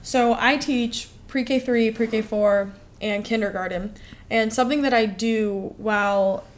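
Woman telling stories, slightly high voice. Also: a little slow. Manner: animated storytelling with many fillers. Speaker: podcast co-host. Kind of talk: casual podcast chat.

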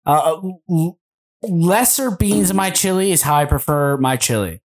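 A man's voice: on the high side, animated, normal speed. Insistent man pressing questions. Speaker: podcast co-host. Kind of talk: casual chat.

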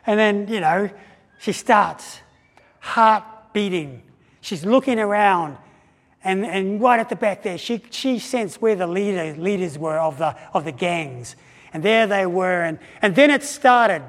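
A man preaching a sermon, telling a story in an animated way and acting out the voices of the people in it, with frequent restarts. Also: high voice. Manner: animated, acts out quoted voices with pauses and restarts. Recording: long hall reverb.

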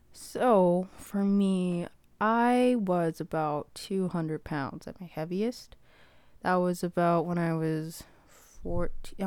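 Teen girl rambling on her podcast, smooth voice, dry close sound, says like a lot. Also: on the low side, no echo. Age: late teens. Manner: rambling, lots of "like", acts out quotes. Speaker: podcast host. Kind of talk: casual storytelling chat.

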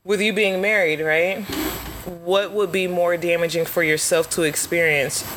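A woman hosting a casual talk show, frank and quick to laugh, putting pointed questions to her guests. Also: on the low side, steady tone, background noise. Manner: frank, laughs easily, asks probing questions. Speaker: podcast host. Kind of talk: casual chat.

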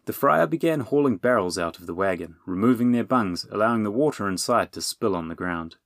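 A man narrating a children's adventure audiobook in a steady, even reading voice, on a close mic. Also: lowish voice, a little fast, no room sound. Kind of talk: scripted storybook narration.

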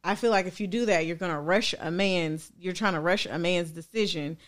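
A woman's voice: on the low side, brisk. A young woman, arguing her point at length in a casual chat. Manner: argumentative, explains at length.

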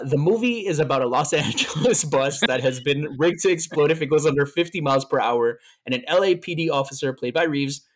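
A man co-hosting a podcast in casual chat, telling stories in a playful, teasing way and tripping over his fillers. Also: mid-range voice. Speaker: podcast co-host.

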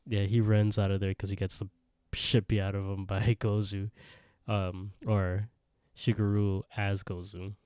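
Male podcast co-host, mellow low voice, dry close sound, lively retelling. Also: a little slow, smooth, dry recording. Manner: animated retelling with quoted voices. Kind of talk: casual episode recap.

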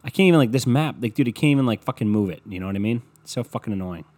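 A man with a mid-range, darkish, expressive voice races through a casual solo podcast. Sitting at his desk with a computer mic, he browses online maps while rambling and swearing sarcastically.

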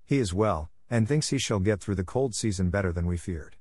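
A man's voice: deep voice, animated, fairly quick, no room sound. Brief: a kind, motherly woman, read by a man, close and dry. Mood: tender. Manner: gentle, affectionate. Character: warm motherly middle-aged woman. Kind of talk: audiobook character voice.

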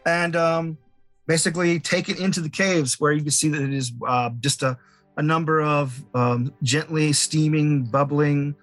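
A man narrating as game master in a tabletop game, his voice a little high. He talks hesitantly, with many fillers and restarts. Faint music plays underneath. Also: fairly even intonation, moderate pace, a bit bright.

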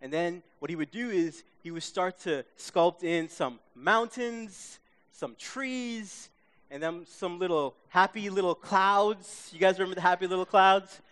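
A man from Queens, telling an animated story to a live audience, acting out his own reactions and checking in with listeners. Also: high voice, unhurried. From Queens, New York. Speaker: speaker.

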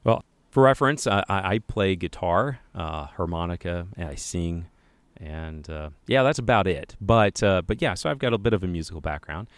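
A man's voice: deep voice, animated, normal speed, dry recording. A man co-hosting a podcast, chatting casually and enthusiastically. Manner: enthusiastic, effusive. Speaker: podcast co-host.

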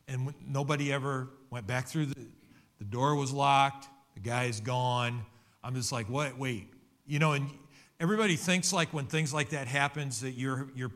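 Preaching a sermon, a middle-aged pastor gives his personal testimony in a mid-range, somewhat bright voice. His delivery is earnest and conversational, with frequent restarts.

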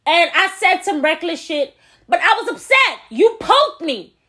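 A woman's voice: extremely high pitch, very animated, unhurried, bright, forceful tone. A woman in casual chat, frank and playful, often laughing.

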